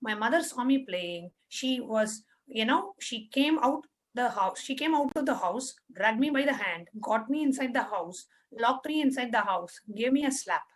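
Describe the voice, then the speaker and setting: Woman facilitator with a high voice; patient, repetitive, step-by-step guidance for an online workshop. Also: animated, moderate pace, few pauses, low-quality recording. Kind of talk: guiding an online spiritual workshop.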